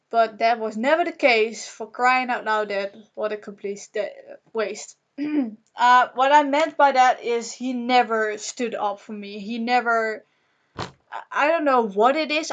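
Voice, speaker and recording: A young woman whose first language is Dutch, talking on a personal vlog in a halting, emotional way, with nervous laughs and many fillers. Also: a little high, fairly bright tone. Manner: angry and shaken. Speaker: vlogger.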